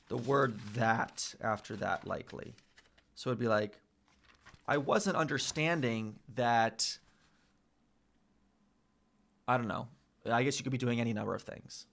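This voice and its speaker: A young man thinking aloud as he studies a language, correcting himself and slowly sounding out foreign words. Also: mid-range voice, creaky, a bit bright. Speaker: vlogger learning a language. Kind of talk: casual thinking-aloud study session.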